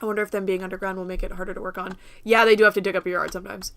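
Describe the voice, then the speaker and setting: A woman's voice: medium pitch, level tone, very fast, vocal fry, a bit bright. A young woman from the United States hosting a casual livestream, rambling and laughing often as she talks to viewers. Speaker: livestream host.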